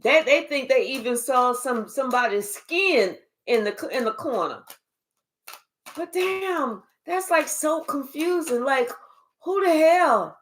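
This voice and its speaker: A woman giving a casual spiritual reading, talking in an animated, profane way and acting out quoted voices. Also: high voice, unhurried. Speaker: spiritual reader. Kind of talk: casual live reading monologue.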